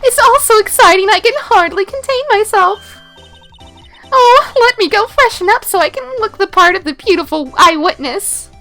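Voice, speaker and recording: A woman's voice: extremely high pitch, animated, bright, forceful tone, faint music behind, voice pushed up, heavily acted. Woman playing a giggly flirty witness. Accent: slight put-on Southern. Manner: teasing, drawn-out giggly flirting.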